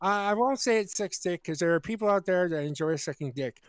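A man's voice: sits high, animated, brisk, slight background noise. An American man co-hosting a podcast in casual comedy chat, often stammering and restarting. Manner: stammering, restarting, laughing easily. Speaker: podcast co-host.

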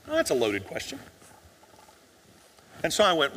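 A man's voice: sits high, very animated, brisk, pauses often, sharp tone, in a large hall. A male pastor preaching a sermon, asking the congregation rhetorical questions and sometimes dropping almost to a whisper for emphasis.

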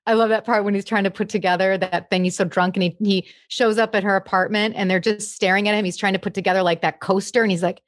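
A young woman, a comedian, chatting in an interview, lively and laughing often. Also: mid-range voice, fast, hardly any pauses, no room sound, studio quality. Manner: chatty, animated, laughs often, slips into impressions. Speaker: comedian guest. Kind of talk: casual interview chat.

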